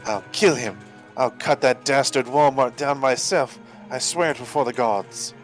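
A man voicing a fierce, brash female warrior queen with a gruff, shaky put-on accent, reading game dialogue aloud. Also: medium pitch, a little slow, faint music behind, close to an everyday voice. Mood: vengeful. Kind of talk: amateur voice-over of game dialogue.

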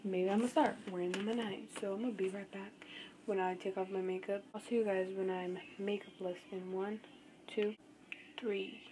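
A woman's voice: mid-range voice, fairly even intonation, moderate pace, background noise. A teenage girl from Arizona chatting casually to her phone camera in a vlog, giggly and full of "like". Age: teens. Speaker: vlogger.

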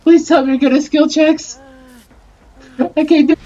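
A woman's voice: sits high, steady tone, unhurried, mellow, far from the mic, highs cut off. A woman commenting on her own gameplay in a panicky way, often shrieking and yelping. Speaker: gamer recording gameplay.

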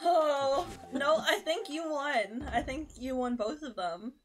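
Young woman, high voice, slightly hoarse, giggly, slow unhurried talk, game music behind. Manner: giggly, laughs often. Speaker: streamer. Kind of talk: casual livestream chat while gaming.

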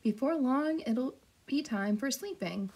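Laid-back frog, slow drawl, croaky , woman reading aloud. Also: high-pitched, lively intonation, a little mellow, full character voice. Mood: lazy. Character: lazy croaking frog, easygoing. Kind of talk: storybook read-aloud.

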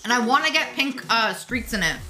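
A chatty woman streams a game live, her fairly high voice bright and forceful as she answers her viewers. Soft music plays faintly behind her. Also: lively intonation, fairly quick. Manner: chatty, reads chat aloud and answers viewers. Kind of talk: casual live-stream chat while gaming.

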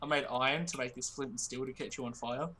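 A woman's voice: rumbling low, steady tone, fast talker, a bit bright, slight background noise. An Australian woman in casual gaming chat with friends, playful and teasing. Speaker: gamer.

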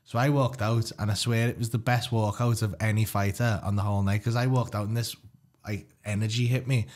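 A man, a guest comedian, telling stories in casual podcast chat, animated and swearing freely. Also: on the low side, fairly quick.

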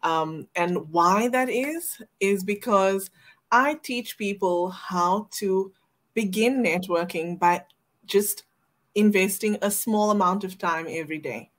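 A woman guest introducing herself on a live talk show, measured and unhurried, with small fillers. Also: medium pitch. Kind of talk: casual chat.

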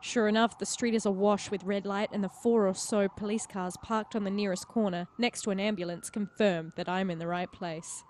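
A woman reading a story game aloud as its narrator, expressive and with giggly asides. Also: mid-range voice, moderate pace, few pauses, slight background noise. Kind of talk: narrating a visual novel playthrough.

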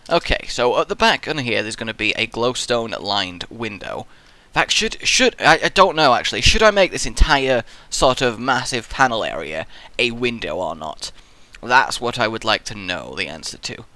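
A man's voice: medium pitch, sharp tone, no echo. A young man, commentating his own gameplay in a rambling, goofy way, muttering to himself and slipping into silly voices. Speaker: Minecraft let's player.

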